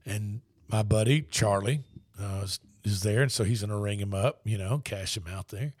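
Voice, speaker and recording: A man's voice: fairly low pitch, moderate pace, darkish tone, no echo, studio quality. Rambling sports radio man. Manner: rambling storyteller with restarts. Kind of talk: casual sports talk.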